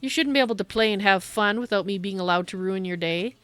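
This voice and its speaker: A woman's voice: medium pitch, quick pace, fairly bright tone, clear, resonant tone, no echo, faint music behind, close to an everyday voice. A woman mockingly voicing a whiny, entitled online troll who resents other players having fun. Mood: mocking whine.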